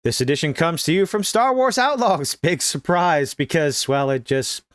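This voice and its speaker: A man reads through a news story and breaks off for sarcastic, mocking asides. His pitch sits a little high and swings up and down. The sound is dry and close, with no room echo. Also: very animated, normal speed. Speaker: commentary host. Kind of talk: reading and commenting on a news article.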